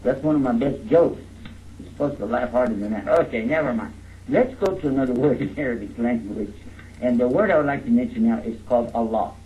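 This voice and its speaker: A man's voice: mid-range voice, fairly quick, warm tone, a little hiss or hum. A man from Texas, giving a jokey, interactive lecture and coaxing his audience to repeat words after him. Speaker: speaker teaching a live audience. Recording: narrow phone-like lo-fi sound.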